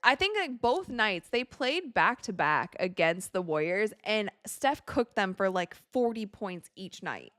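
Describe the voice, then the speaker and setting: A woman hosting a live watch party, chatting casually, reading viewer comments and reacting with excited outbursts to the plays. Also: medium pitch, unhurried, few pauses, no room sound, studio quality. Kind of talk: casual live-stream chat and game reactions.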